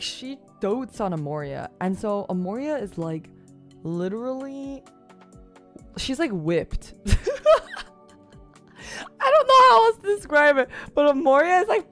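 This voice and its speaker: Animated young woman streamer, swearing freely. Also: on the high side, measured pace, pauses often, soft background music. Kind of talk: casual storytelling chat.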